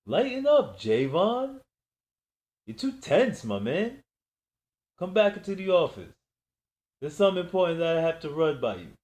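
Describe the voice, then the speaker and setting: A man's voice: fairly high pitch, big pitch swings, moderate pace, long pauses, a little mellow, pitched above the performer's own voice. Man playing a taunting gang boss. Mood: teasing. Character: mocking, menacing male gang boss. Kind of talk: audiobook reading.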